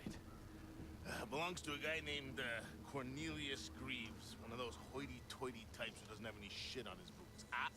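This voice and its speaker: A man's voice: medium pitch, normal speed, background noise, lightly acted. An actor playing a sardonic middle-aged male fence in a video game, wry and grumbling. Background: game music.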